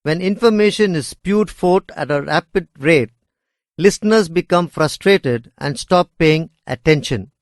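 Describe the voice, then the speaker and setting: A man reading educational course material aloud in a measured, deliberate way. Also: fairly high pitch, lively intonation, dry recording, clean studio sound. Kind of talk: scripted educational narration.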